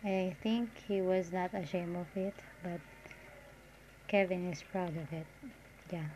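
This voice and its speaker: A woman's voice: fairly low pitch, steady tone, measured pace, darkish tone. A woman from the Philippines with a Filipino accent, chatting casually in a reaction vlog, full of "like" fillers and restarts. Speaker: reaction vlogger. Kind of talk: casual commentary. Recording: dull lo-fi audio with faint noise.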